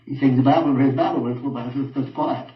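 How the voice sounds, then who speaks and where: An older man giving a halting personal account in an interview, repeating himself and often trailing off quietly. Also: medium pitch, fairly even intonation. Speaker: interviewed father. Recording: roomy, distant, dull audio.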